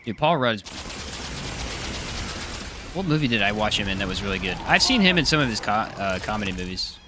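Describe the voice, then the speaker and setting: A man's voice: lowish voice, sing-song, fairly quick, background noise. A man streaming a live game, chatting casually, joking and answering his chat. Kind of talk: casual live gameplay commentary.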